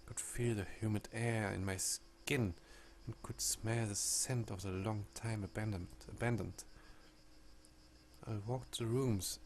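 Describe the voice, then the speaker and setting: Victorian lady survivor in a game, measured and proud, man's own gravelly voice. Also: fairly low pitch, slight background noise.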